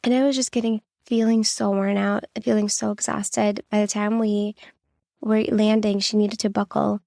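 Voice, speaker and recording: A woman in her thirties tells personal stories on her podcast, candid and reassuring, with "like" scattered through her speech. Her voice has a gravelly, fried edge. The recording is dry and close, with no room sound. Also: medium pitch, little pitch movement, moderate pace, mellow, no room sound. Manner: candid, reassuring, with many "like" fillers. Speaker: podcast host.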